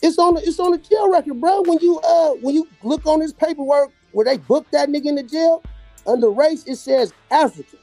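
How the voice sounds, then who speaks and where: A man's voice: extremely high pitch, a little fast, dark tone, no echo, soft background music. A man from California arguing bluntly and with profanity as a caller on an online panel. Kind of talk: heated online panel talk.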